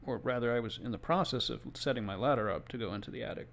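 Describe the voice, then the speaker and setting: A man's voice: medium pitch, fast talker, vocal fry, a little hiss or hum. A man who works as a home inspector, telling a story from his job in a casual, conversational way with exasperated asides. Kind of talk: casual first-person storytelling. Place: Florida.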